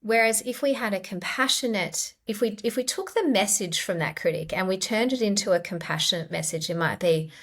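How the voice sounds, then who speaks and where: A middle-aged woman, a clinical psychologist, explaining ideas gently in a podcast interview. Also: medium pitch, fairly quick, few pauses. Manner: gentle, explanatory, acts out quoted inner voices.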